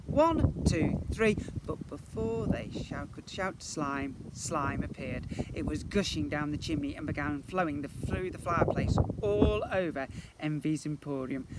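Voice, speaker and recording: A man, a primary school teacher, reading a children's book aloud in an expressive way. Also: a little high, measured pace, heavy background noise. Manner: animated, expressive storyteller.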